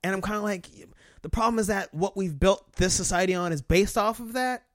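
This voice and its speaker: A man talks in loose, crude podcast chat, rambling and slipping into voices as he tells a story. His voice sits a little high. The sound is dry and close, with no room in it. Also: a little fast, no room sound. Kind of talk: casual chat.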